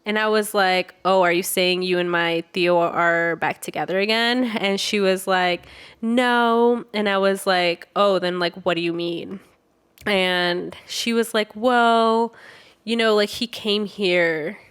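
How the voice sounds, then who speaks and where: A woman's voice: fairly low pitch, fairly even intonation, measured pace, a bit bright, clean tone. A young woman co-hosting a podcast, casually telling a story, acting out the quoted voices and swearing freely. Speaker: podcast co-host.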